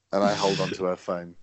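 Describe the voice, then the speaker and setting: A man co-hosting a loose podcast chat with a lowish voice. He teases his co-host and swears freely. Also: noisy background. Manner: chatty, teasing, swears freely. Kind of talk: casual chat.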